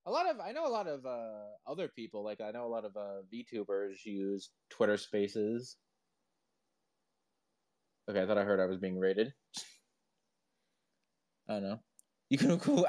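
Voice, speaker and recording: A man's voice: medium pitch, clean tone. A man chatting casually on a live audio stream, rambling with lots of "like" and "uh" and laughing often, through a headphone built-in mic. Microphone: headphone built-in microphone.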